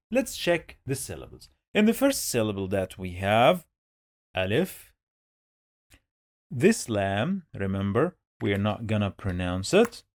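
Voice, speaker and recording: A man's voice: mid-range voice, dry recording, clean studio sound. A man teaching Quran reading to beginners, patiently sounding out and repeating each syllable. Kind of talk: step-by-step reading lesson.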